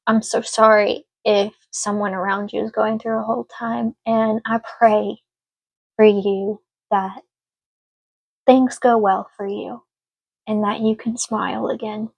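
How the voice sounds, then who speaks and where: A woman's voice: mid-range voice, flat delivery, takes it slowly, creaky, slightly rough, dry recording. A woman giving a casual spoken tarot reading, earnest and emotional, speaking reassuringly to her listener. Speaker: tarot reader.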